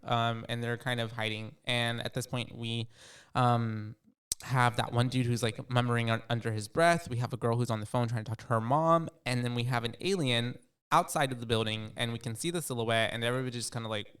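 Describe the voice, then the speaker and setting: A man's voice: mid-range voice, a little fast, fairly bright tone, clear, resonant tone. A man co-hosting a podcast, recapping a film in loose, profane, joking chat. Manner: loose and profane, laughing, trading quips. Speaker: podcast co-host. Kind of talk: casual movie recap chat.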